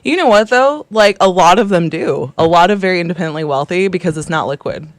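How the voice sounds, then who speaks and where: A woman co-hosting a morning radio show, chatting in animated, casual banter and laughing easily. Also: lowish voice, quick pace, dry recording.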